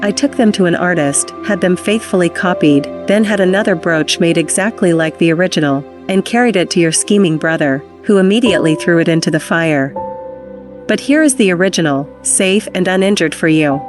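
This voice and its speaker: An earnest, remorseful husband pleads in a storybook reading, read by a woman. The voice sits a little low and plain. Music plays clearly under the reading. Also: brisk, natural voice. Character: remorseful devoted husband, grown man.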